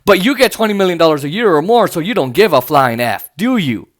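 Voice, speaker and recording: High-voiced man ranting angrily. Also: expressive, fast talker. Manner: angry, profane, mocking rant with laughs. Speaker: podcast host. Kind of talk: political commentary podcast, reacting to clips.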